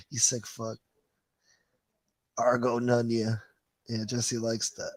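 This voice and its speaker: A man with a mid-range voice and little pitch movement speaks slowly and pauses often, recorded with no room sound. He hosts a livestream, reading comments from chat and riffing on them in a profane, rambling, wisecracking way, calling people "boy."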